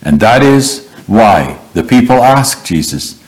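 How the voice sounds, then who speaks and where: Male preacher, sermon, low voice, very slow unhurried delivery, earnest. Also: sing-song, low-quality recording. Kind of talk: sermon retelling Bible stories.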